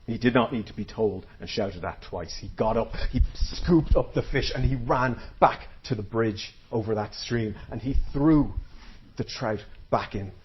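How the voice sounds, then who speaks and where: A man's voice: mid-range voice, moderate pace, hardly any pauses, dull audio, slight background noise. A man telling a folktale live to an audience, dramatic and playful, drawing the crowd in. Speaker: storyteller. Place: live storytelling event before an audience.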